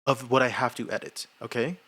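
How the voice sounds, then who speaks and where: A man's voice: mid-range voice, steady tone, a little fast, fairly bright tone, slightly rough. A young man streamer chatting casually and self-mockingly in a rambling way, laughing often. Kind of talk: casual livestream chat.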